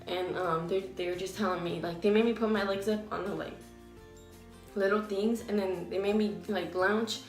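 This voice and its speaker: A woman's voice: medium pitch, fairly even intonation, normal speed, roomy sound, faint music behind. A teenage girl telling a personal story in a casual vlog, full of "like" and acted-out quotes. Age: teens. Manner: casual, filler-heavy retelling with acted quotes. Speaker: vlogger.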